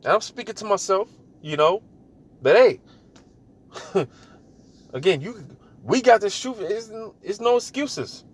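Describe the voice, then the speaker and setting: A man giving a casual, animated spoken sermon, with loose talk full of fillers and repeated words. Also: high-pitched, measured pace, long pauses, slightly rough. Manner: repeats words while searching. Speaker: lay preacher.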